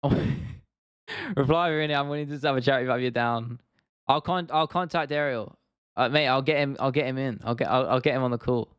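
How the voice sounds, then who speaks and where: A man's voice: medium pitch, moderate pace, fairly bright tone, clear, resonant tone, dry recording, studio quality. A young man from England hosting a casual livestream, reading out chat comments and rambling with frequent restarts and laughs. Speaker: livestream host.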